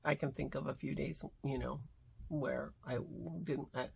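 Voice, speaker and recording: A middle-aged woman hosting her daily vlog, talking heartfelt and soft, sometimes dropping to near-whispers. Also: very deep voice, level tone, unhurried, gravelly, slightly rough. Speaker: vlog host. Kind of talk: casual morning vlog talk.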